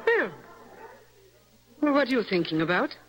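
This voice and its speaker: An actress playing a composed, gently teasing young wife in a radio play, with a motherly manner. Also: on the high side, very animated, normal speed, some chatter behind, low-quality recording. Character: warm, teasing, self-assured young wife. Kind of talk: radio stage-play acting.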